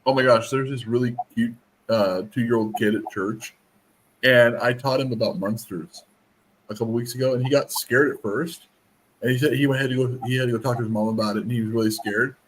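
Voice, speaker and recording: A man's voice: medium pitch, fairly even intonation, brisk, rough recording. Man, casual stream chat, playful joker who acts out little voices, slight background noise.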